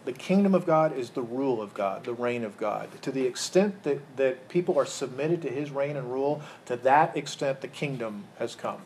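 A man's voice: mid-range voice, lively intonation, normal speed, few pauses, a little mellow, slight background noise, rough recording. A man preaching a sermon to a live congregation, asking the room questions and restarting phrases as he goes. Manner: asks the room questions, repeats words while restarting. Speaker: pastor.

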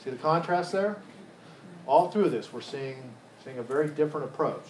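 A man's voice: fairly high pitch, animated, normal speed, slight background noise, rough recording. A man preaching a sermon to a live congregation, asking the room questions and restarting phrases as he goes. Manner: asks the room questions, repeats words while restarting. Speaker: pastor.

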